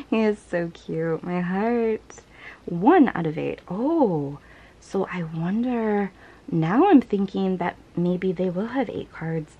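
A woman vlogger in casual unboxing chat, gushing and breathless, sometimes dropping to soft whispers between laughs. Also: on the low side, muffled recording.

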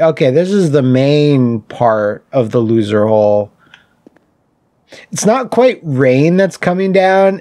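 Gravelly man doing wry game commentary. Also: medium pitch, darkish tone. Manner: wry, swearing, jokey asides to enemies. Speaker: gaming channel host. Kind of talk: casual let's-play commentary.

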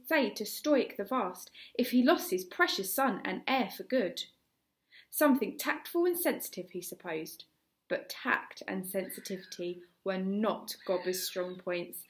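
A woman teacher with an English accent reads a children's novel aloud. Her voice is mid-pitched and lively, with the odd slip that she quickly corrects. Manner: expressive, with small slips and self-corrections. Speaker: teacher reading a chapter book. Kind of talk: reading a story aloud.

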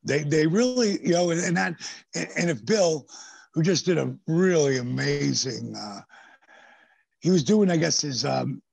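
A gravelly, somewhat high man with a husky edge spins lively stories as a podcast guest. He swears freely and acts out other people's lines. The sound is dry and close to the mic. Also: measured pace, no room sound. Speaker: podcast guest, former pro wrestler. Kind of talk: casual storytelling interview. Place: podcast studio.

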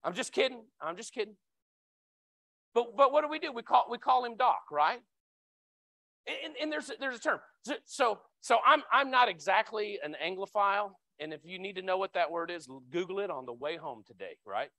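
A man preaching a sermon as a church elder, talking conversationally, often repeating his words, and breaking into loud high cries when voicing the people in the story. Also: animated, moderate pace, no echo. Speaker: lay preacher. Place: church sanctuary.

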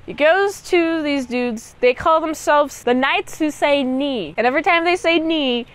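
A woman's voice: sits high, measured pace. A young woman giving a casual movie recap, chatty and rambling, and laughing as she goes. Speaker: movie reviewer.

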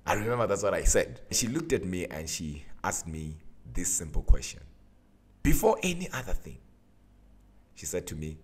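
A man, a minister, telling a personal story to his viewers in an animated, emphatic way. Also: deep voice, moderate pace, breathy edge.

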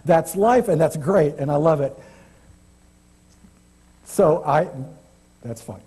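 Husky, dark-voiced male preacher. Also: fairly high pitch, slow. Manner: chatty, self-deprecating, restarts often. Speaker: guest preacher. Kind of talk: informal church sermon. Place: church sanctuary.

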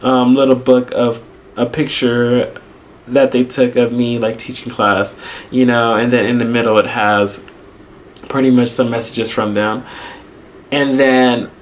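A young man, an English teacher, telling a personal story in a casual vlog, animated and full of fillers, acting out his own reactions. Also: mid-range voice, a little slow, slight background noise. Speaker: vlogger, English teacher abroad.

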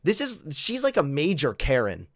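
A man's voice: fairly high pitch, huge pitch swings, moderate pace, dry recording. Exasperated sarcastic man ranting. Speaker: commentary channel host. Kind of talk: reaction commentary.

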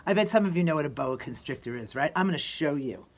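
A woman's voice: deep voice, lively intonation, fast talker. A woman teacher leading a children's sing-along at home, playful and coaxing as she gives step-by-step directions.

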